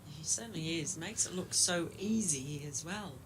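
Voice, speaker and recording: A woman's voice: on the low side, normal speed, a little hiss or hum, rough recording. A young woman giving friendly, conversational live cricket commentary. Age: young adult. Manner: friendly, conversational, warmly appreciative.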